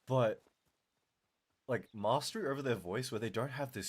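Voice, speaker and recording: A man live-streaming, chatting casually and answering his chat, animated and quick to laugh, his voice strained and tiring. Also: medium pitch, slightly rough.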